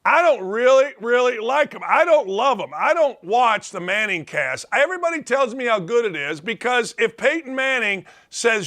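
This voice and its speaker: A sports talk host holds forth in a blunt, animated monologue. His voice sits high for a man and rings bright and forceful. He punches his opinions out plainly and slips into mock shouting to make a point. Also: normal speed, few pauses.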